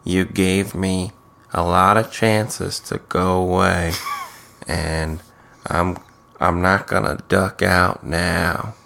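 A man voicing a young man who speaks in a soft, pouty, comforting voice. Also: deep voice, flat delivery, drawn-out words, vocal fry, pitched below the performer's own voice, full character voice.

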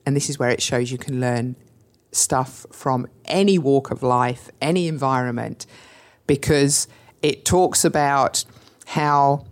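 A woman's voice: rumbling low, measured pace. A woman with a mixed English and New Zealand accent, chatting emphatically as a podcast guest. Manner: animated, emphatic storytelling. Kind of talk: enthusiastic interview chat.

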